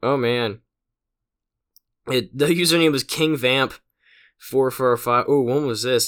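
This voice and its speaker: A late-teens guy hosts his own podcast, rambling casually through a solo monologue with lots of fillers and self-deprecating asides. His medium-pitched voice is smooth and a bit bright.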